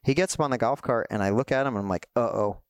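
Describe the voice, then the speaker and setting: A man's voice: medium pitch, rapid-fire, dry recording, clean studio sound. A man on a podcast telling a story casually and animatedly, laughing as he goes.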